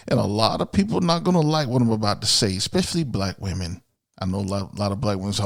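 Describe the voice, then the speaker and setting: A man's voice: lowish voice, lively intonation, a little fast, gravelly, no room sound, clean studio sound. A man from Miami hosting a podcast, ranting bluntly and profanely in an opinionated solo monologue. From Miami, USA. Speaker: podcast host.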